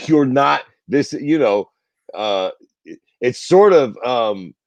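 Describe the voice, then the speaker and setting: A man's voice: medium pitch, expressive, slow pace, dry recording, dull audio. A man co-hosting a casual talk show, ranting bluntly with heavy swearing. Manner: blunt and profane, drawling rants. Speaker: podcast co-host. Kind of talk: casual chat about current events.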